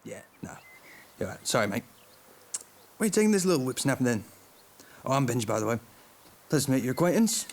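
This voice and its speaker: A man's voice: mid-range voice, quick pace, long pauses. A man voicing a friendly, chatty male snail who has fallen on hard times, in an audiobook drama. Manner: chatty and eager, lively intonation.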